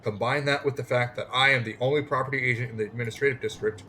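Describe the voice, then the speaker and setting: A man reading out a scheming woman property agent from a game, all smooth sales talk and big claims. The voice sits in a middling register and stays plain, as if read straight off the screen. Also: mid-range voice, steady tone, fast, pushed and bright, slight background noise, lightly acted. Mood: salesy. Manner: plain read-aloud, no put-on voice.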